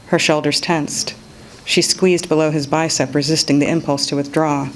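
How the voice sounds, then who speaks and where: A woman reading an excerpt of her own novel aloud in a measured storytelling manner. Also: deep voice, steady tone, slight background noise, poor audio. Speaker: author reading her work.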